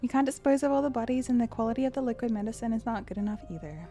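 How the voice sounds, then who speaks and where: A woman's voice: on the high side, lively intonation, very fast, mellow, faint music behind. A woman voicing a weary, frightened lab manager who reads diary entries aloud in an earnest, somber way.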